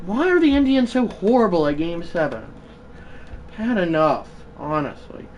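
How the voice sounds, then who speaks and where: Lively, excitable baseball game streamer. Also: medium pitch, normal speed, dull audio, slight background noise. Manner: frustrated, excitable, bursts into shouting; talks back to the game. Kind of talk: live gameplay commentary.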